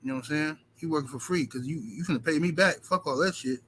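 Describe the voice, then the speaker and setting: Talking quickly in a highish voice, with slight noise behind him, a male livestream host reads out viewers' super chats. He's emphatic and foul-mouthed, says things over and over, and shifts from loud outbursts to muttering.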